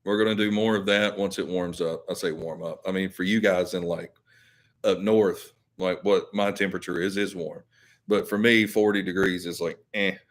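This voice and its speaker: A man's voice: low-pitched, fairly even intonation, normal speed. A man hosting a live stream, chatting casually with viewers in a rambling way, full of fillers and self-corrections. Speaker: YouTube channel host.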